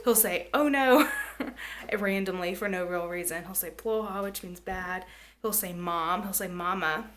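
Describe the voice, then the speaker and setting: A woman in her thirties chatting candidly to the camera at home, soft and rambling with lots of fillers, sometimes dropping to a near-whisper. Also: on the low side, a little slow. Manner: drops to a hushed near-whisper at times. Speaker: family vlogger, mother. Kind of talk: casual to-camera vlog chat. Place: home, indoors.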